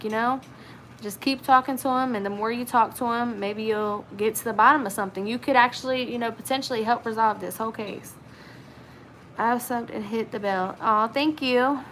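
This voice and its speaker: A woman's voice: medium pitch, fairly bright tone, a little hiss or hum, low-quality recording. Chatty Southern woman from Virginia. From Virginia, Blue Ridge region. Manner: chatty, many fillers, reads comments aloud. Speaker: livestream host. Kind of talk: casual livestream chat reading viewer comments.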